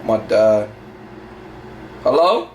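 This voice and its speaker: A young man cooking in his home kitchen and talking to viewers, quick and slangy, often asking "you feel me". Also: lowish voice, animated, a little mellow, a little hiss or hum. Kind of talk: casual cooking vlog.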